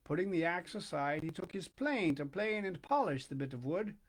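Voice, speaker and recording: Man reading a storybook with a lively voice. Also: high voice. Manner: expressive, with dramatic hushed pauses. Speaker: narrator.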